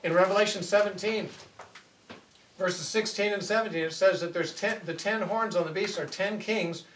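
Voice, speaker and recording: In a high-pitched, somewhat bright voice at a moderate pace, a man retells a scripture story during a Bible lecture. He speaks conversationally and fixes his own mistakes as he goes, while the echoey room makes him sound far away against faint noise.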